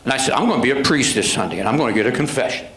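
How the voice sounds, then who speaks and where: A man's voice: mid-range voice, expressive, very fast, fairly bright tone. An older man, a police sergeant, telling a story to a club and acting out what a judge and attorneys said to him. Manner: retells dialogue, acting out voices of judges and attorneys. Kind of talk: anecdotal storytelling talk. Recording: echoey room.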